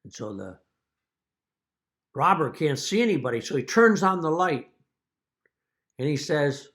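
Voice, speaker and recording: A man speaking as a father straight to his children in a video message, earnest and deliberate, now and then telling a wry joke. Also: fairly high pitch, expressive, fairly bright tone. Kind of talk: direct-to-camera video message.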